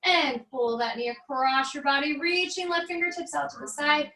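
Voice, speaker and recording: An American woman, a fitness instructor, calmly guiding a barre stretching class with encouraging cues and light jokes. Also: high-pitched, normal speed, reverberant, distant mic, low-quality recording.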